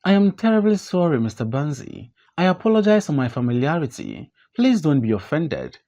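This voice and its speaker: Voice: medium pitch, wildly swooping pitch, brisk, dark tone, muffled recording. A reader voicing a talkative, tipsy man in a play audiobook, with a raised, emphatic voice. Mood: mock formal.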